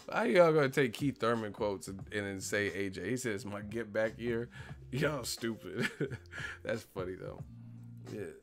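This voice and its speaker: Brief: male streamer host, low gravelly voice, profane disbelieving rant, soft music underneath. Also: animated, measured pace. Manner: ranting, profane, incredulous, laughing at his own points. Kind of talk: casual live-stream commentary.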